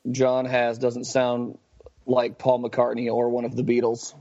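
A man's voice: mid-range voice, completely flat delivery, unhurried, mellow, lo-fi sound, a little hiss or hum. A man co-hosting a casual podcast, laid-back and hesitant as he talks. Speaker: comic artist, podcast co-host.

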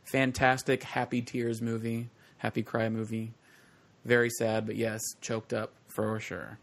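A man co-hosting a casual chat podcast, teasing his friends, swearing and laughing loudly. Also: medium pitch, completely flat delivery, measured pace, vocal fry. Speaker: podcast co-host.

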